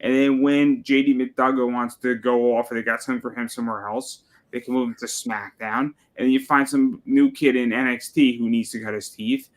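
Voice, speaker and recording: A man in relaxed conversation with a middle-pitched voice. He walks through his reasoning step by step and agrees easily with the other speaker. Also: fairly quick, hardly any pauses. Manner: analytical, laid-back, agreeable. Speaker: podcast co-host. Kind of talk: casual wrestling chat.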